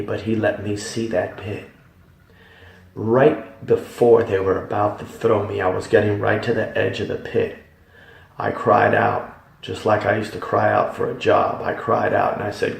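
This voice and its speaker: A man's voice: lowish voice, level tone, normal speed, gravelly. A man giving a religious testimony, telling his story in an emphatic, repetitive, dramatic way. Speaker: testimony speaker. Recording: echoey room, voice from far off.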